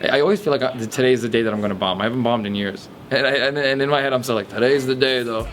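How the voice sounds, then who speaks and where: A man's voice: medium pitch, racing, a bit bright, soft background music, some chatter behind. A man in his twenties from a Portuguese family background, a comedian speaking candidly in a documentary interview, rambling with frequent restarts. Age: 20s.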